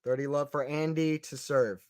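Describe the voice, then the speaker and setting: A man giving casual live play-by-play tennis commentary for a stream, chatty and excitable, often repeating himself and answering viewers. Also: a little high, moderate pace, clean tone, no room sound. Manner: excited, chatty, repeats phrases, reads out chat.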